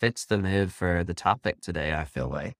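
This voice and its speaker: Young Southern man, low voice, dry close sound, chatty podcast co-host. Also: animated, normal speed, fairly bright tone, dry recording. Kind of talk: casual chat.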